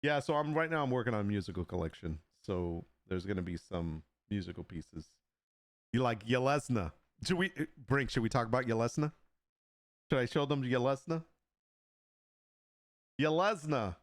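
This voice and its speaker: A man of middle pitch with a very lively, swooping voice, recorded close and dry with no room sound. He chats casually to his stream audience, laughing a lot and teasing with mock sales pitches. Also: moderate pace, pauses often, no room sound. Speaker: livestream host and digital artist. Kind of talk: casual live stream chat.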